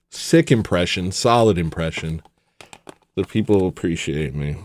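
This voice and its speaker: A man's voice: deep voice, measured pace, pauses often, darkish tone, no echo, clean studio sound. A man hosting a casual livestream, rambling and joking as he answers his chat. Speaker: livestream host. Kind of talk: casual livestream chat, reading viewer messages.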